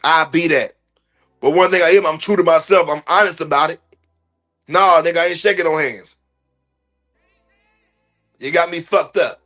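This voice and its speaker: A man's voice: a little high, moderate pace, long pauses, a bit bright, soft background music. A man hosting a sports podcast livestream, ranting bluntly and profanely in heavy slang. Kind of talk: heated livestream sports rant.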